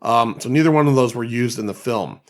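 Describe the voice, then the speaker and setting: Podcast dude chatting loose, swears a lot, rambles through stories, laughs along. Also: male voice, medium pitch, brisk. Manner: relaxed, profane storytelling with laughs. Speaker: podcast co-host. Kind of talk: casual chat.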